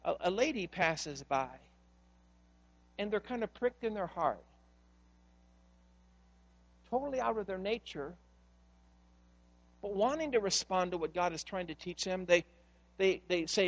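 A man's voice: high voice, animated, a little slow, pauses often, muffled recording. A male pastor preaching a sermon in a church, speaking earnestly and putting questions straight to the congregation.

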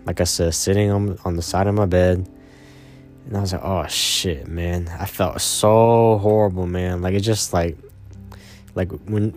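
A young man telling a personal story in a rambling, casual way, repeating himself, swearing and often trailing off quietly. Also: sits low.

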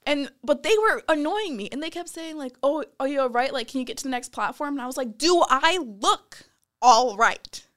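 Young woman, slightly high voice, animated casual storyteller who laughs and acts out quotes. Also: quick pace, few pauses. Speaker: guest telling a story.

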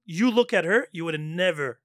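A middle-aged man in casual chat, telling an animated story, laughing often and swearing freely. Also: high voice, a little fast, no echo, clean studio sound. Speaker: storytelling guest.

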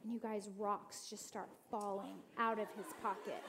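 Speaking at a moderate pace with few pauses, this woman's mid-range voice carries an inspirational church talk she gives as a guest. She tells family stories straight to the audience, performing the quoted family voices.

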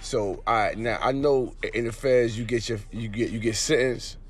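A man's voice: mid-range voice, moderate pace. A man hosting a casual interview, joking around in loose banter with lots of repeated words. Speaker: host.

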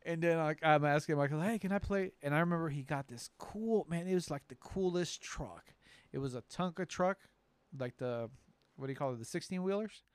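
A man in his thirties co-hosting a podcast in casual chat, telling stories in a lively way. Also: a little high, brisk, clear, resonant tone, no room sound. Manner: animated storyteller, acts out quoted voices. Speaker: podcast co-host.

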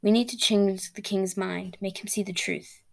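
A woman reading as a calm rumbling silver dragon. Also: gravelly. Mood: grave. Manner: low rumbling, measured. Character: ancient female silver dragon, calm, commanding.

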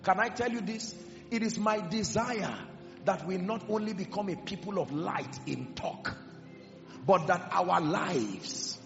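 A man preaching a sermon with passion, swinging between loud declarations and hushed emphasis. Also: sits high, measured pace, creaky. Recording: echoey hall with music behind, dull sound. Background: music.

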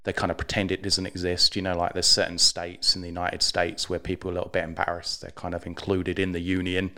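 A man's voice: deep voice, monotone, quick pace, pushed and bright. A man with an English accent co-hosting a podcast, chatting casually with dry, wry humor. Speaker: podcast co-host. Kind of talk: casual chat.

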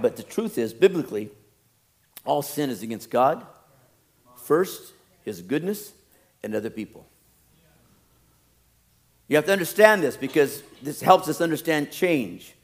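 A middle-aged man preaching a sermon as pastor, swinging from loud emphatic peaks to quiet low asides and jokes.

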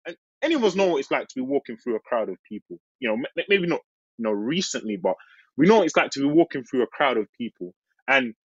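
A man preaching a sermon, earnest and lively, slowing on key phrases. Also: slightly rough, no echo, highs cut off. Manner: earnest, slows on key phrases, laughs and jumps high acting out the disciples.

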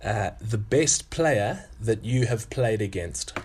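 A man hosts a casual interview, friendly and playful, often repeating a word as he starts a sentence. His voice sits slightly low. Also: animated, slow, darkish tone, a little hiss or hum. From Zimbabwe. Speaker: interview host.

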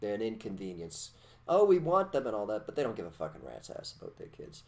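A man's voice: lowish voice, wildly swooping pitch, quick pace, a little mellow. A man co-hosting a talk show, ranting crudely about politics and heavy with profanity. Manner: profane, ranting, mocking quoted voices. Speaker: podcast co-host.

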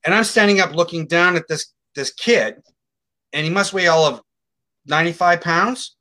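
A man's voice: a little high, normal speed. Emphatic middle-aged man telling a story. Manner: animated, emphatic, acts out quotes. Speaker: guest psychic telling a case story. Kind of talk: casual storytelling interview.

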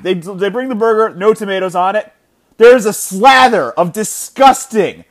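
A man of thirty hosting his own sports podcast from home, telling stories in a lively, rambling way with many restarts. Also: sits high. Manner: animated storytelling, many restarts and filler words. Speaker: podcast host. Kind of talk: casual solo sports podcast chat. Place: his house.

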